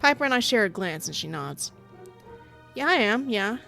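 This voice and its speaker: A woman's voice: fairly high pitch, sing-song, moderate pace, vocal fry, sharp tone, soft background music. Giggly American woman reading a game. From United States. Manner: giggly, playful asides. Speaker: gaming streamer. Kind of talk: reading a visual novel aloud.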